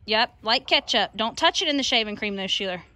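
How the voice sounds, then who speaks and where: A woman's voice: a little high, lively intonation, brisk, pushed and bright. A woman art teacher demonstrating a craft project outdoors, giving patient, coaxing instructions to young children.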